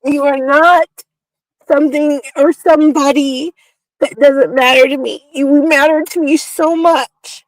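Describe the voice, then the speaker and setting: Woman guest on a livestream, high voice, dry close sound, pleading and repetitive. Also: fairly even intonation, measured pace, dry recording, rough recording. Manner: pleading, repeats herself. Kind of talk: heated livestream argument.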